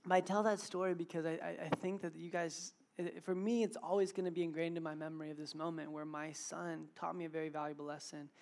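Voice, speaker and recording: Casual young male preacher. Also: on the high side. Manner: casual, with filler words and animated retelling. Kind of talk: informal evening sermon.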